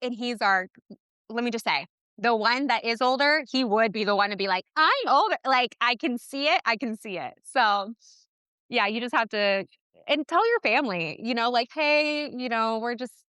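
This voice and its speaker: A woman guest on a parenting podcast, talking in a passionate, animated way with quick asides. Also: a little high, clean tone, no echo. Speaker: podcast guest, twin mom. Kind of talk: casual interview chat.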